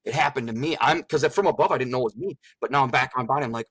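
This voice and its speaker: A man's voice: medium pitch, rapid-fire, a bit bright, no room sound. A middle-aged man earnestly recounting a personal testimony, repeating phrases for emphasis. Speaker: guest sharing a testimony. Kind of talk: emotional personal storytelling.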